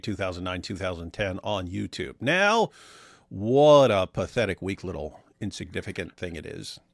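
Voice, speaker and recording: A man's voice: medium pitch, dry recording. American man hosting, dry close sound. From United States. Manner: excitable, joking, emphatic asides. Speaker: show host. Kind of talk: casual reaction commentary.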